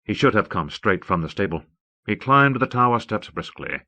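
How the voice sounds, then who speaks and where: A man reading an audiobook in a steady, measured way, from an old cassette tape. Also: on the low side, gravelly, highs cut off. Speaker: audiobook narrator. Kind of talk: scripted narration.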